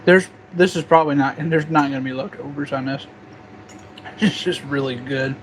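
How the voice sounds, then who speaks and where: A man's voice: medium pitch, steady tone, moderate pace. A young man hosting a casual vlog, joking and chatting while he eats, with a faint hum in the background. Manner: laid-back, jokey, talks while eating. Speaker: gun channel host. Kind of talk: casual cooking vlog chat.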